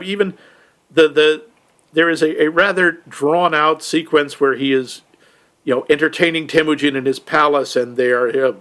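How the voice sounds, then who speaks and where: A man's voice: a little high, pushed and bright. A man co-hosting a movie podcast, wry and fond of puns as he jokes through a review. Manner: wry, punning, jokey. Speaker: podcast co-host. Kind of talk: casual movie review chat.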